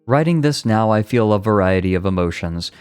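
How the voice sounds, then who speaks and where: A man's voice: on the low side, expressive, a little fast, darkish tone, smooth, no room sound, faint music behind. A male streamer reading an article aloud and breaking off into casual, profane asides. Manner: profane, rambling asides between read passages.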